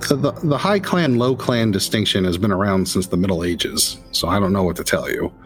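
A man's voice: low-pitched, expressive, a little fast, faint music behind. A man voicing a tired, loyal male vampire ritualist who speaks earnestly and defensively. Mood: dutiful.

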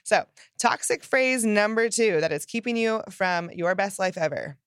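A woman giving an upbeat motivational self-help talk, emphatic and lively, acting out the phrases she quotes. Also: mid-range voice, normal speed, clear, resonant tone, dry recording, clean studio sound. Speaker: self-help podcast host.

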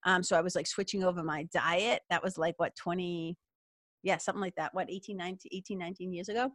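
A woman's voice: on the low side, fairly even intonation, fast talker, a bit bright, no echo. A middle-aged woman hosting a casual spiritual talk show, chatty and upbeat. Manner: chatty and upbeat, peppered with "like" and laughs. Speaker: podcast host.

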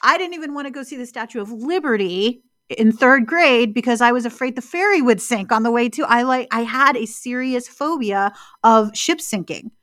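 A woman co-hosting a casual podcast, talking in a reflective, storytelling way and slowing down on key words. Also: on the high side, animated, a bit bright, no room sound, clean studio sound. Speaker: podcast co-host.

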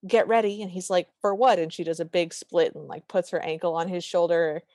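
A woman's voice: lowish voice, little pitch movement, warm tone, no echo, clean studio sound. A woman co-hosting a podcast, recapping a movie in casual chat and sarcastically acting out its lines. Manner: sarcastic, acts out dialogue in quick bits. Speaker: podcast co-host.

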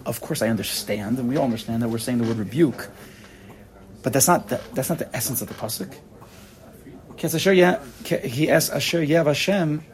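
Guy giving a casual torah class, voice jumps up and down a lot, acts out little back-and-forths. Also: a little high. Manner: animated, acts out little dialogues, frequent repeats.

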